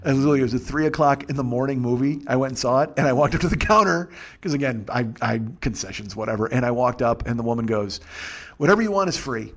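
A man hosting a podcast in casual chat, ranting with profanity and self-deprecation, his loud emphatic bursts dropping to mumbles. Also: medium pitch, fast talker. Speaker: podcast host.

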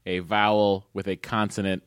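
A man's voice: fairly low pitch, little pitch movement, normal speed, smooth, no room sound. A man co-hosting a casual comedy podcast in a studio room, brash, jokey and self-mocking. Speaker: podcast co-host.

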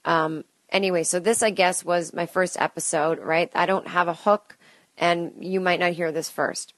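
A woman in her late thirties, a podcast host and comedian, rambles through a solo stream-of-consciousness show at home, full of self-deprecating humor and chatty asides. Her voice is lowish with fairly even intonation and a normal pace, captured dry on a close studio mic.

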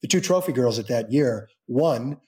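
A man's voice: mid-range voice, animated, normal speed, mellow. A man guest in an interview telling a long personal story in a casual way, with many restarts and quoted dialogue he acts out. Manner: rambling, with frequent restarts and acted-out quotes.

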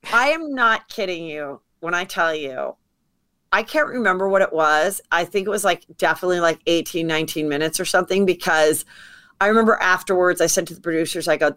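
Lady comic guest rambling thru a story, slightly low voice, does little voices for quotes. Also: fairly bright tone. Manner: chatty storyteller acting out quotes. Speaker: comedian guest. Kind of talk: casual podcast chat.

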